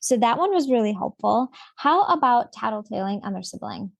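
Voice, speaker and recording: A woman's voice: fairly high pitch, lively intonation, brisk, vocal fry, no echo. A woman in her thirties hosting a parenting podcast, chatting casually and laughing often. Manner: chatty, laughs often, acts out kids' voices. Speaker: podcast host. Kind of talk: casual interview chat.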